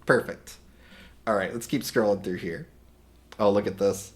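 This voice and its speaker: Slightly hoarse man chatting on stream. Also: lowish voice, normal speed. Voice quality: rambling, many restarts and repeated words. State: a little hoarse. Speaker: livestream host. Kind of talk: casual stream chat.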